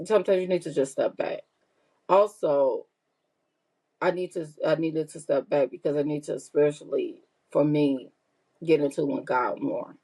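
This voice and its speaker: A woman's voice: low voice, creaky, warm tone, breathy edge, rough recording. A middle-aged woman hosting a podcast, talking in a candid, heartfelt way and repeating herself for emphasis. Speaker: podcast host. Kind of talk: casual personal monologue.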